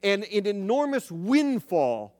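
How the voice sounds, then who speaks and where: A male pastor preaching a sermon in a conversational, storytelling way, slowing down for emphasis. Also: high voice, sing-song, a little mellow. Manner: conversational storytelling, dramatic slowdowns. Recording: long reverb of a large hall.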